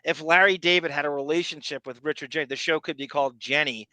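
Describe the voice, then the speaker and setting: Podcast co-host, male, bright and crisp, dry close sound, rambling casual chat. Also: on the high side, fairly even intonation, quick pace, dry recording, low-quality recording. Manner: rambling, quotes listener comments aloud.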